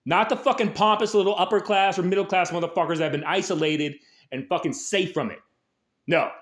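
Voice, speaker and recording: A man's voice: sits high, brisk. A man hosting a show, delivering an angry, aggressive political rant full of swearing. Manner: angry, aggressive, heavy swearing, shouted peaks. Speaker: host.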